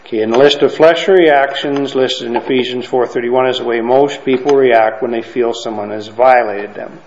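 Slight background noise sits under a man of medium pitch whose fairly even, slightly mellow voice moves at a moderate pace. He teaches his class a Bible lesson in a conversational style, checking in often with "okay?" and "right?". Expect a roomy, dull lo-fi recording.

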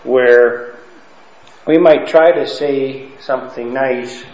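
Slow, conversational male Bible teacher. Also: mid-range voice, fairly even intonation, darkish tone, slight background noise. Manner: conversational, keeps checking in with "okay?" and "right?". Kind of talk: Bible lesson to a class. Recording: roomy, dull lo-fi room recording.

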